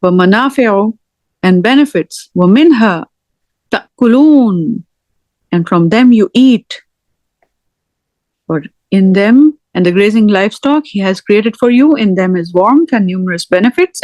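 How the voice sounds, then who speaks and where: A middle-aged woman teaches scripture word by word, at an unhurried pace and with careful repetition of each term. Her voice sits at an ordinary middle pitch. The recording is dry and close, with no room sound. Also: darkish tone, no room sound, lo-fi sound. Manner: slow, deliberate, repeating each word. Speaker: Quran teacher.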